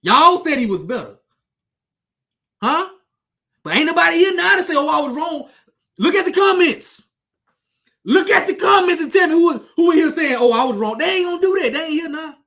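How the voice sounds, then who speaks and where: A man's voice: extremely high pitch, animated, moderate pace, long pauses, bright, forceful tone. A man delivering a heated, profane sports rant to his viewers, taunting and repeating himself for emphasis. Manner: fiery, repetitive, profane, taunting. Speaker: sports commentator with his own channel.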